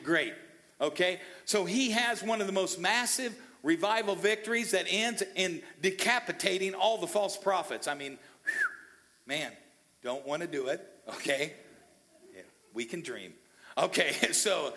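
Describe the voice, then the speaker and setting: A male pastor delivers a sermon in a church sanctuary, talking easily with his congregation and tossing in quick "okay?" check-ins and asides. His voice is bright and forceful. It rings out with the long reverb of the hall. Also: on the high side.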